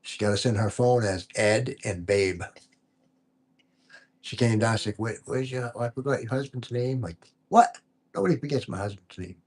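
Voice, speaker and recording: A man hosting a live stream in casual chat, telling easygoing stories in a quiet, distinctive voice. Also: steady tone, moderate pace. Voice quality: distinctive low voice that people remember. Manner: easygoing, chatty storyteller; talks quietly and is sometimes hard to hear. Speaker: livestream host.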